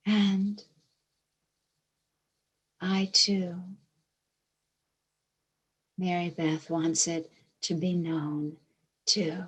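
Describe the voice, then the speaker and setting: Slow, whispery woman with a Georgia accent. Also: lowish voice, flat delivery, breathy edge, rough recording. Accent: Georgia (US South). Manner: soft, drifting often into hushed whispers; long pauses between short phrases. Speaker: spiritual teacher. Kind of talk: slow reflective spiritual talk.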